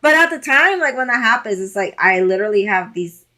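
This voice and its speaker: A woman's voice: fairly high pitch, expressive, a little fast, pushed and bright. A woman co-hosting a podcast in casual chat, talking in a loose, filler-heavy way and laughing often. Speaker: podcast co-host.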